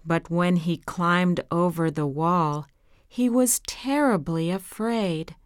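A woman reading a children's fairy tale aloud in a slow, careful, gentle way. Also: lowish voice, clear, resonant tone, dry recording, clean studio sound. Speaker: storyteller.

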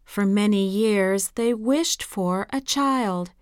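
A woman reading a children's fairy tale aloud in a slow, careful, gentle way. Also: mid-range voice, smooth, no room sound, studio quality. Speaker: storyteller.

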